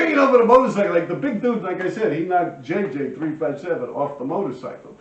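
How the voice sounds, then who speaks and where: Profane street storyteller, a man, lively high voice, roomy distant home recording. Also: quick pace, hardly any pauses, a little hiss or hum. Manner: animated, profane, heavy slang and fillers. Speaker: storyteller of his own past crimes. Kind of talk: casual street storytelling to camera. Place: at home by a window. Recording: roomy, distant, dull sound.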